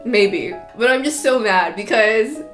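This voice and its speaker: A young adult woman giving animated live reactions in a book-reading vlog, exclaiming, laughing and sighing often. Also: fairly high pitch, unhurried, faint music behind. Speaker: book vlogger.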